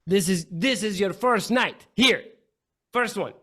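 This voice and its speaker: A man's voice: sits high, measured pace, pushed and bright, voice pushed up, full character voice. Guy doing a big grumpy village brute, scornful, all doom and gloom. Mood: grim. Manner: grim and scornful. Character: hulking, bitter, doom-saying village brute.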